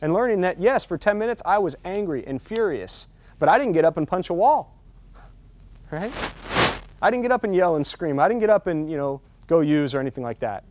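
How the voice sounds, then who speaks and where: A man's voice: high voice, lively intonation, a little fast, a little mellow, a little hiss or hum. A man leading a meditation teacher-training workshop, talking casually and often checking in with "right?" as he builds up to his points. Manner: conversational, keeps asking "right?", builds intensity on key points.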